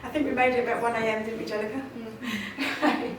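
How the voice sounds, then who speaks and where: A motivational speaker stands on stage in a large conference hall, making emphatic points she repeats, with plenty of laughter. Her voice is a little high and slightly quick, with fairly even intonation. The sound is distant, noisy and full of hall echo.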